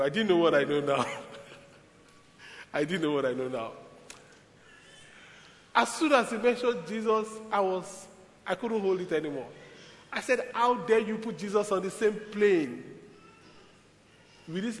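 A man preaches in a church hall, telling his stories in an animated way that breaks into sudden loud bursts. His voice sits high and sounds bright and forceful. The long reverb of a big hall rings around every phrase. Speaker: pastor. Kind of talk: sermon.

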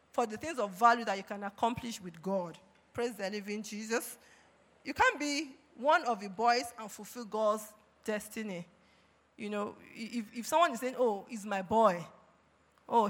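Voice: medium pitch, a bit bright. A preacher delivers a sermon in a mid-range voice, reading passages of scripture and stopping often to call out praise. The voice rings with the long reverb of a large hall. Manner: punctuates with repeated praise calls, reads scripture aloud.

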